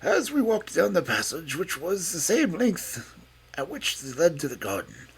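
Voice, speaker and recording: A man reading a classic detective story aloud, narrating in an expressive way. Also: on the high side, a little slow, creaky, a little hiss or hum.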